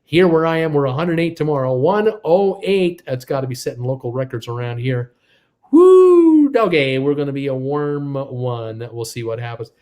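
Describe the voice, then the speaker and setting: A man's voice: medium pitch, a little fast, hardly any pauses, darkish tone. A man hosting a casual live stream from home, reading viewer comments in an upbeat, rambling, jokey way. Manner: rambling, upbeat, jokey, talks to his wife off-mic. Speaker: host of a live cruise news stream. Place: home in Creston.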